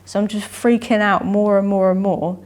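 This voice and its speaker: A young woman recounts her fights in an interview, her voice sitting at an ordinary middle pitch. She rambles and circles back, repeating phrases as she goes. She slips into the voices of herself and those around her. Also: steady tone, moderate pace, a little mellow. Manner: rambling, repeats herself, acts out her own inner voice and dialogue. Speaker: amateur boxer, interview guest. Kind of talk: candid interview storytelling.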